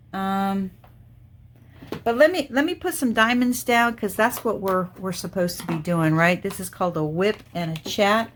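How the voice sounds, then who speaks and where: A woman's voice: medium pitch, slight background noise. A middle-aged woman hosting a crafting channel, chatting casually and rambling as she thinks aloud while she works on a diamond painting.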